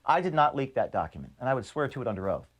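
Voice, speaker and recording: A man, the founder of an organization, reading an earnest, measured video statement to his staff from his office. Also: mid-range voice, big pitch swings. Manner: earnest, measured, grievance-laden. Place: office at headquarters.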